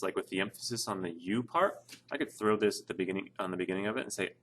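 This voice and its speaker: A man's voice: on the low side, lively intonation, fast talker, fairly bright tone, slight background noise. A man teaching a casual Spanish grammar lesson over an on-screen document, explaining step by step with frequent fillers. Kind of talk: screen-share lesson narration.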